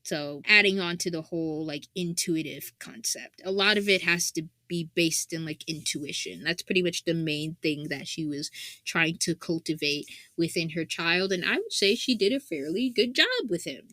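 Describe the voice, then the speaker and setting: Bright-voiced woman rambling through an analysis. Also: on the low side, normal speed, no echo. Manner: rambling, many "like" fillers, frequent laughter. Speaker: anime analysis host. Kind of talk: casual spoken analysis.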